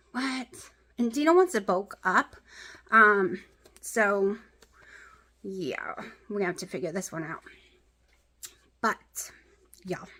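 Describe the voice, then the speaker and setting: A woman talks casually to her camera at home, rambling between topics and breaking into bursts of excitement. Her voice sits a little high. It sounds like a handheld camera in a home. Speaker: vlogger. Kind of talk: casual chat.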